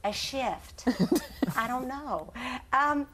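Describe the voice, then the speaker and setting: A woman in her sixties, chatting as a guest on a morning show, lively and given to laughing. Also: high-pitched, drawn-out words, a little hiss or hum. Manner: chatty, laughing, breaks into song. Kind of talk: casual chat.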